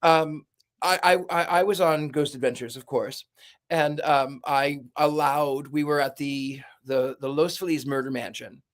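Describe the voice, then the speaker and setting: A man who works as a paranormal investigator and medium, telling lively stories in a casual podcast chat. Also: a little high, measured pace. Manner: animated storyteller, acts out voices and screams.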